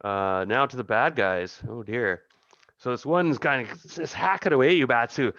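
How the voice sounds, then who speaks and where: A man narrating as game master, chuckling and halting with many restarts. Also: medium pitch, a bit bright, dry recording, dull audio.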